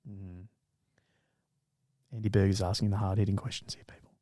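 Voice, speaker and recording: A man's voice: low-pitched, flat delivery, moderate pace, mellow, no room sound, clean studio sound. A man co-hosting a podcast, interjecting with jokes and playing up mock outrage in an improvised skit. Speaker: podcast co-host. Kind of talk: improvised comedy news skit.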